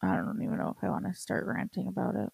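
A woman's voice: fairly low pitch, big pitch swings, fast, gravelly, a little mellow, breathy edge, no room sound. A woman co-hosting a podcast in casual chat, ranting and swearing, raising her voice to act out what she and others said. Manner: ranting, profane, acts out quotes in a raised voice. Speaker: podcast co-host.

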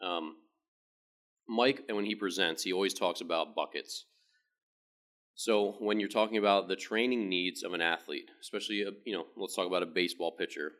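A man, a baseball pitching coach, giving a casual, rambling explanation with frequent restarts. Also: a little fast, a bit bright.

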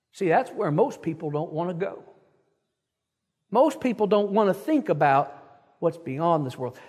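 High-voiced man preaching in a hall. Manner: emphatic, reads scripture aloud with slow stressed words. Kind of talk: sermon.

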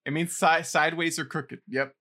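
A man's voice: fairly high pitch, fairly even intonation, normal speed, sharp tone. A man co-hosting a podcast, running a phrase quiz with teasing and frequent laughs. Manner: teasing, laughs often, reads quiz lines aloud. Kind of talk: casual podcast banter.

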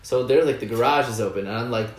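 A man's voice: mid-range voice, fast talker, slight background noise. A man, a band member guest, rambling through a story in casual chat with lots of "like" and "um". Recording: roomy echo.

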